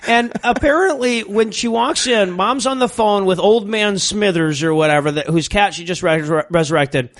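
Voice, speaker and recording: A man's voice: sits high, normal speed, few pauses, a bit bright. A man co-hosting a casual comedy podcast, ranting in exasperation about a movie, swearing and laughing. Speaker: podcast co-host reviewing a movie.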